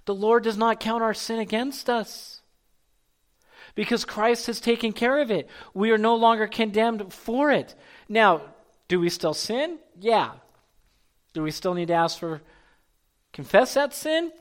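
A man preaching a sermon as pastor, repeating key phrases for emphasis and at times dropping to a hushed, near-whispered delivery. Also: sits high, unhurried, long pauses.

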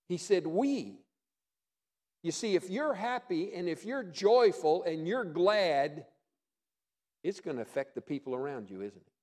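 Pastor, male, fairly high voice; emphatic sermon delivery with folksy humor and big swings between loud and soft. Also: lively intonation, unhurried. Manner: emphatic, rises and drops in volume for effect.

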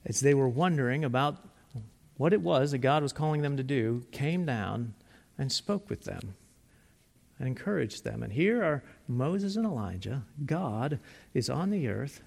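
Gravelly-voiced man preaching in a hall. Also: medium pitch, normal speed. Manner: conversational, animated retelling with frequent restarts. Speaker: pastor. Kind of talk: sermon.

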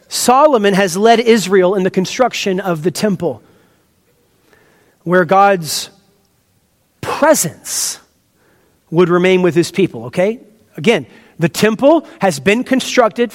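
A man's voice: high voice, measured pace, pauses often, in a large hall. A man pastor preaching an expository sermon, earnest and teacherly, with emphatic stresses and asides to the congregation.

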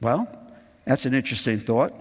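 A man delivers a sermon to his congregation, reading passages aloud and lifting his voice to play the people in them. He speaks at a middling pitch and keeps turning back to his listeners as "folks". A long reverb trails each phrase, as in a large church hall. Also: expressive, moderate pace, husky. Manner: reads scripture aloud, voicing the quoted people with raised pitch. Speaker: pastor.

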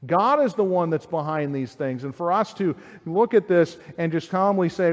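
Male pastor, slightly higher voice, measured and explanatory, sermon in a hall with long reverb. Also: animated. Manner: measured, explanatory, reads scripture aloud.

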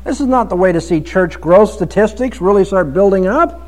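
A man preaching an expository sermon on a Bible passage, swinging from soft reflection to emphatic, pleading delivery. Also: sits high, animated, moderate pace, poor audio.

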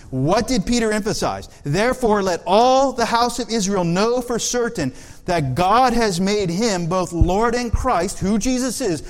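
Preacher man in a reverberant hall. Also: high voice. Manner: asks the congregation rhetorical questions. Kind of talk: sermon.

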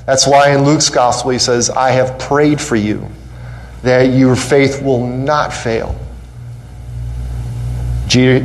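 In a church sanctuary, a medium-pitched pastor delivers an impassioned sermon with rising fervor. He raises his voice on questions and quotes and repeats phrases for emphasis, all captured on a low-quality recording.

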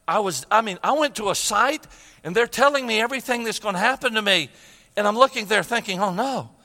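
Older preacher guy, high voice, emotional story sermon in a big echoey hall. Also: lively intonation, brisk, bright, forceful tone.

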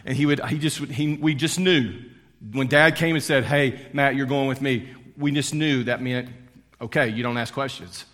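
A middle-aged male pastor delivering a sermon, swinging between loud preaching and hushed storytelling. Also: medium pitch, moderate pace. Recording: long hall reverb.

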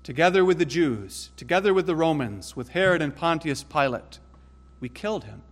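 Earnest male preacher, slightly high voice. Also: expressive, moderate pace. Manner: earnest, rising to emphatic peaks then dropping low and soft. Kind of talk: sermon.

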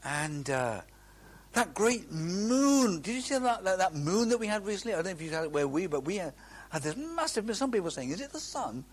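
A man's voice: sits high, very animated, a little fast. A middle-aged man preaching a sermon, earnest and emphatic, drawing out key phrases and often restarting.

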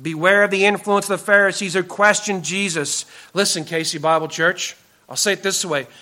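A male pastor delivers an earnest sermon in a church, pressing his points with repeated, emphatic warnings. His voice sits high for a man and rings bright and forceful. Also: steady tone, normal speed.

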